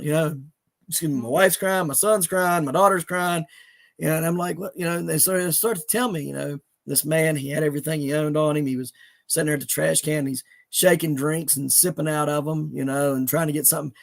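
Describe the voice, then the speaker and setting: Man, middle-aged, gravelly voice, fairly high for a man, earnest and halting. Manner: earnest, halting, with many restarts. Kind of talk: emotional storytelling in conversation.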